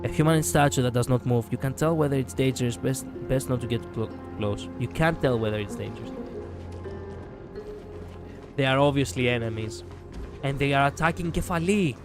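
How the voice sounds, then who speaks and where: Man, Greek accent, mid-range voice, game streamer, reads on-screen text aloud, playful, quips a lot, soft music underneath. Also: medium pitch, normal speed. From Greece. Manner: playful, breaks into laughter and quips between read-out lines. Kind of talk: gameplay livestream, reading game text aloud.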